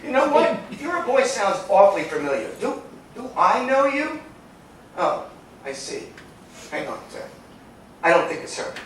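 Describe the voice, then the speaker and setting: A man's voice: very high-pitched, very animated, measured pace, long pauses, fairly bright tone, exaggerated voice. A sarcastic, griping wealthy man who mocks everyone around him, as a man plays him on stage. His voice carries through a very echoey hall from a distance, with faint background hiss. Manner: sarcastic, complaining. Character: loud sarcastic rich man at a party. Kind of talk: live stage comedy acting. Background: audience laughter.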